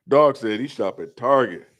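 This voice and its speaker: A man hosts his own comedy show and roasts his viewers' comments in loose slang. His pitch swings widely, and he cracks himself up. The sound is close and dry, with no room echo. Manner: loose, slangy, breaks into laughter. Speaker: comedian host.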